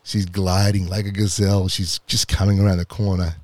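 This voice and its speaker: A man with an Australian accent tells his own story in a low, mellow voice. He builds from easy recounting to swelling excitement and moments near tears. The sound is dry and close, with no room around it. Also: brisk, no room sound. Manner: emotional, passionate retelling that builds to excitement. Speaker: podcast host telling his own story. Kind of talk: personal storytelling.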